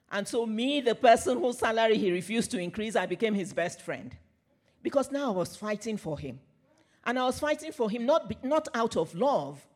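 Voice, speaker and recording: A man delivers a sermon in a fairly high voice. He is earnest, mixing scripture with his own workplace story, and often drops to a near murmur as a phrase ends. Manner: personal storytelling with repeated phrases. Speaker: preacher.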